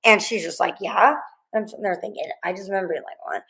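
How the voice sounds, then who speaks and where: A middle-aged woman being interviewed, recounting a frightening night in a rambling, halting way, full of restarts and quoted dialogue. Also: mid-range voice, creaky, bright, forceful tone, rough recording. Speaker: guest, mother of a murdered student. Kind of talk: emotional interview storytelling.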